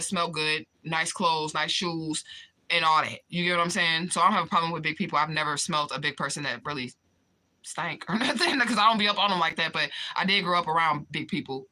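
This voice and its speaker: A woman with a very bright, forceful voice chats on a livestream, answering viewer comments head-on. She is blunt and profane, laughs often, and stretches some words out in a slow drawl. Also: deep voice. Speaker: livestream vlogger reading chat comments. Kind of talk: casual livestream chat.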